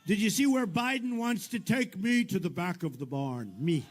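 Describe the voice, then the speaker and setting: A man's voice: sits high, lively intonation, moderate pace. An older man, a politician, giving a rambling and repetitive speech full of mockery and asides. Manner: repetitive, mocking, digressive. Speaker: politician speaking at rallies and on a podcast. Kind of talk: rambling rally speech and podcast chat. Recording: roomy reverb with faint background noise.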